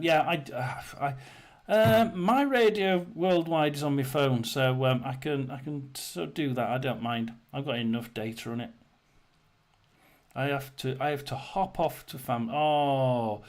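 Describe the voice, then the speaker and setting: A man hosts a casual live chat and talks to viewers in a loose, rambling way. He restarts often and fills pauses with ums and uhs. His voice sits a little high for a man. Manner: rambling, many fillers and restarts. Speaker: livestream host. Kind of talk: casual livestream chat reading comments.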